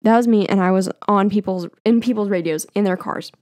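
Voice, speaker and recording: A woman's voice: medium pitch, brisk, a little mellow, no echo. Chatty young woman podcast host, dry. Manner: chatty, filler-heavy, self-mocking. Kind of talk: casual storytelling. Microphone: podcast mic.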